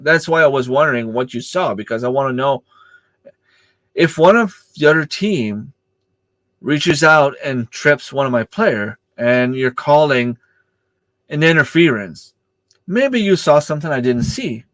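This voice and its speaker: Expressive and unhurried, this man's slightly bright voice carries no room sound as he talks on a livestream. He coaches youth soccer and rambles through stories with many fillers and false starts, voicing the exchanges with pitch that climbs when he quotes people.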